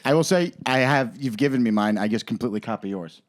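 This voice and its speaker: A man's voice: medium pitch, animated, fast. A man co-hosting a podcast in casual chat, joking and laughing often. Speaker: podcast co-host.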